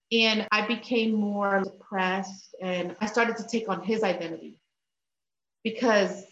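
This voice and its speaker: A woman's voice: medium pitch, echoey room, dull audio, slight background noise. A woman in her thirties, an interview guest, telling her story openly about faith and family and acting out her own past words. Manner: animated storytelling, acts out her own past lines in a rising voice. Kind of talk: candid faith-based conversation.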